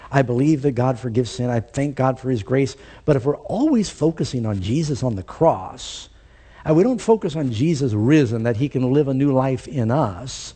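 A male pastor delivering a sermon in an animated preaching manner that rises to emphatic peaks. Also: medium pitch, breathy edge.

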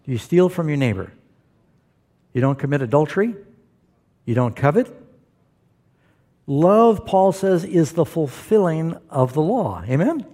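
Mellow-voiced man preaching a sermon. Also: a little high, sing-song, a little slow, pauses often. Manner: asks the audience questions, calls for amens. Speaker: pastor.

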